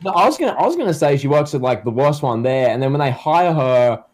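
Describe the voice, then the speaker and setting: Dude cohosting a silly chat, rambles a lot, says like constantly, trips over starts. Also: male voice, medium pitch, expressive, darkish tone. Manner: rambling, filler-heavy, halting starts. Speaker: co-host. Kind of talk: casual comedic chat.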